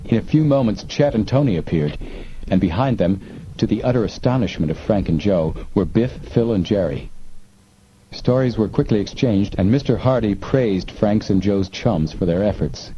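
A man reading an adventure story aloud in a measured, even way, in a dull recording with faint hiss. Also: fairly low pitch. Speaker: audiobook narrator. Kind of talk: scripted narration.

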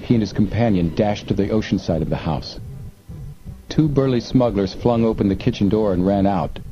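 A man reading an adventure novel aloud in measured, suspenseful narration. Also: lowish voice. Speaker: audiobook narrator. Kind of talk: scripted narration. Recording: muffled lo-fi with faint hiss.

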